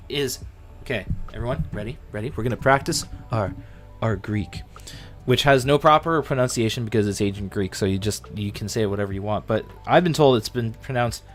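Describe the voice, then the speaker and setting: A man hosting a livestream, teaching a Bible passage in a casual, jokey way with sudden jumps in pitch and playful asides.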